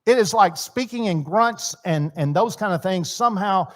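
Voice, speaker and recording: A man's voice: high voice, expressive, moderate pace, few pauses. A middle-aged man teaching at a church marriage seminar, talking conversationally and acting out bits of dialogue. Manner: conversational, acts out quoted dialogue, repeats words.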